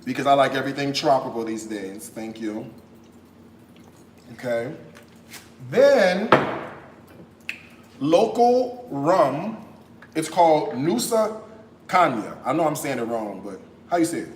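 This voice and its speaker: Sassy American male cooking host, chatty and bouncy in pitch, roomy echo. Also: a little slow, long pauses, slight background noise. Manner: sassy and animated, tags lines with "okay?". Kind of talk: casual live-stream chat while cooking.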